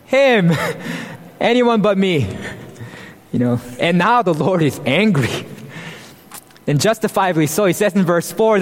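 Male pastor preaching, high voice, earnest and emphatic, big echoey hall. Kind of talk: sermon. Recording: long hall reverb.

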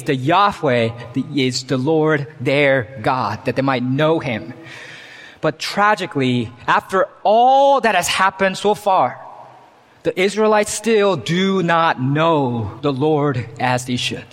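A man's voice: a little high, a bit bright, long reverb tail. A man preaching a sermon as pastor, earnest, reading scripture with rising emphasis. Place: church.

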